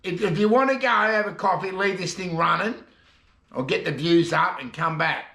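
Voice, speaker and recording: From a shed, an Australian comedy vlogger tells jokes to camera in a rambling, chatty way. He has a high voice with a sharp tone, speaks at a moderate pace, and the sound is reverberant.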